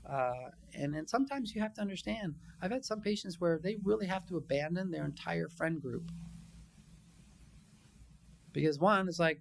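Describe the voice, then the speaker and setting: A man, a psychologist, giving a conference training session in a conversational, animated way, acting out quotes from his patients. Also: high-pitched, moderate pace, creaky, long pauses, slight background noise. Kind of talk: conference lecture.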